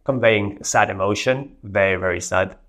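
A man's voice: on the low side, moderate pace, fairly bright tone. A man hosting a tech video, casually walking through a demo and giving spoken prompts to an AI assistant. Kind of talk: casual screen demo narration.

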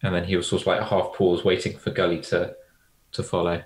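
A man's voice: low voice, level tone, fairly quick, echoey room, poor audio. A man playing in a tabletop game, describing what his character does. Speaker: player.

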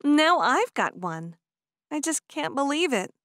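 A woman reads as an eager young Amish woman who gushes in a high, breathless voice that leaps up and down. The delivery is dry and close, in the manner of an audiobook character. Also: very animated, a little slow, fairly bright tone, dry recording, heavily acted. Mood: delighted.

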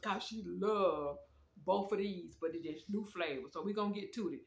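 A woman's voice: lowish voice, moderate pace, creaky. A woman casually reviewing snacks at home, chatting straight to her viewers with lots of slang. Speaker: food review vlogger. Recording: echoey room.

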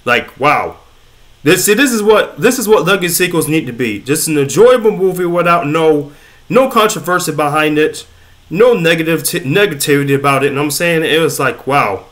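A young man with a slightly high-pitched voice hosts his own casual online news show. He is excitable and slangy, rambles freely, and trips over his words now and then. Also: a little fast. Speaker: YouTube news host. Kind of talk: casual news commentary vlog.

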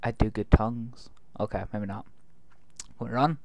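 A man's voice: medium pitch, a little slow, creaky, darkish tone, no echo. A man recording let's play commentary, joking and talking back to the game's characters. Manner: jokey, talks back to game characters. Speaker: gaming video host.

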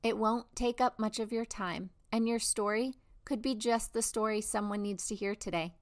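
A woman's voice: fairly high pitch, moderate pace. A woman hosting a devotional testimony show, reading scripted narration in an earnest, encouraging way. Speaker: host of a faith testimony show.

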